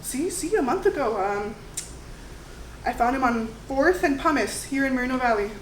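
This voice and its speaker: Lady doing a stammery grieving young mexican american woman, kinda high, echoey stage from far away. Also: lively intonation, slight background noise. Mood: excited. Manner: halting, stammering repeats. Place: theater stage. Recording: roomy live stage sound from far off.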